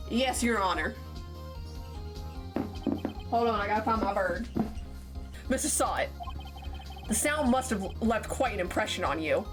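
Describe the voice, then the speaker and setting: A woman streaming a game live, reading the dialogue aloud in a playful, giggly way with quick asides, over game music. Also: medium pitch, animated.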